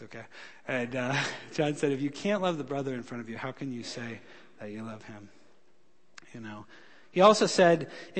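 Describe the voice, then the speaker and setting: Man preaching in an echoing church. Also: medium pitch. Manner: animated storytelling, rises loud for emphasis, drops soft when pleading. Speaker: pastor. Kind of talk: sermon. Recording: long hall reverb.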